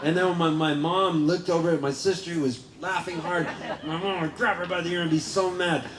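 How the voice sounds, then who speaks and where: High-voiced joking man on a roomy stage. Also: steady tone, brisk, background noise. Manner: goofy, rambling, self-mocking humor, laughing often. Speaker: singer-songwriter performing live. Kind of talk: joking stage banter between songs. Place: winery concert venue, live audience. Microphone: stage vocal microphone. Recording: roomy live concert with guitar.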